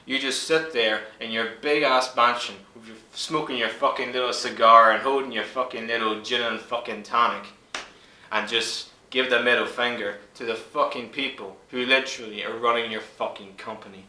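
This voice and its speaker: A man's voice: mid-range voice, fairly even intonation, normal speed, bright, forceful tone. A man in his twenties ranting angrily to camera, swearing hard and stressing his words. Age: 20s. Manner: furious, swearing, emphatic. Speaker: YouTuber. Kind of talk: angry vlog rant. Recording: echoey room.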